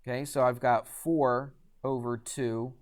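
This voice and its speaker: A man's voice: medium pitch, flat delivery, a little slow. A man teaching a math class in a classroom, chatty and quizzing students with frequent questions. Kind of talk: classroom lecture.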